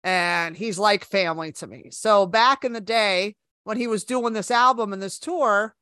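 Bright-voiced brash comedienne. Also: female voice, mid-range voice, moderate pace, smooth, dry recording, clean studio sound. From West Coast of the United States. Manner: brash, self-mocking, laughs easily. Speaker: comedian guest. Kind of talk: casual podcast interview.

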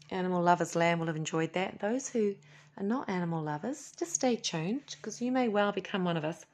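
A woman hosting a podcast in a chatty, playful way, a little sniffly. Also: mid-range voice. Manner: chatty and playful, with asides and laughs. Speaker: podcast host and animal healer. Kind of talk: casual solo podcast chat.

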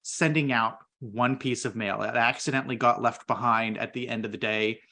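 A young man co-hosting a casual podcast chat, telling a story with lively quoted voices. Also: medium pitch, normal speed. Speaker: podcast co-host.

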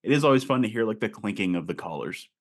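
Relaxed man hosting a podcast interview. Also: on the low side, fast. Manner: relaxed, asks questions with light humor. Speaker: podcast host. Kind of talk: casual interview. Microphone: video call.

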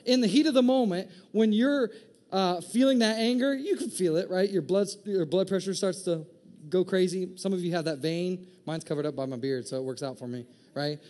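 A man preaches a sermon in a lively, joking way, slipping into quick impressions of people in his congregation. His voice sits high for a man, and he pushes it higher when he gets excited. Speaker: pastor.

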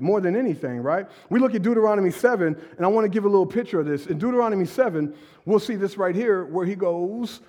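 A man preaching a sermon in a church hall, animated and conversational, with sudden shouted emphasis. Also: sits high, brisk. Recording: long hall reverb.

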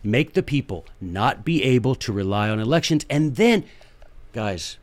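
A fired-up man hosts his own show, driving his points home and repeating them for emphasis. His pitch swoops and jumps as he talks, and his speech stays folksy and emphatic. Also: expressive, normal speed. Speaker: podcast host. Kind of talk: impassioned political commentary.

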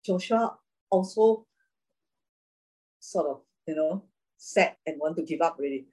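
A woman preaching a sermon, reading scripture and then talking about it in an animated way, laughing often. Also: low-pitched, unhurried, husky, rough recording.

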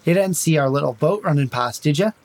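A man's voice: expressive, brisk, darkish tone. A man putting on a sly Irish elf bard. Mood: evasive. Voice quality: lilting, wheedling, pitch rising when pressed. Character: fast-talking male elf bard, smooth and evasive. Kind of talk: tabletop role-play in character.

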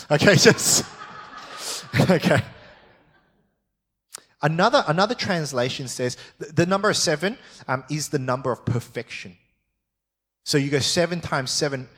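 This pastor's voice is fairly high, a bit bright and husky as he delivers his sermon during a church service. Conversational with the congregation, he frequently checks in on them and gives expressive readings of scripture.

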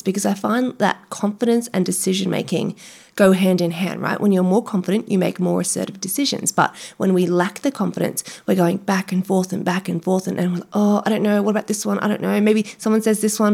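This is a woman hosting a casual podcast interview. Her voice has a gravelly texture. She talks in a chatty, encouraging way and checks in with her guest through tag questions. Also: lowish voice, darkish tone. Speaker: podcast host.

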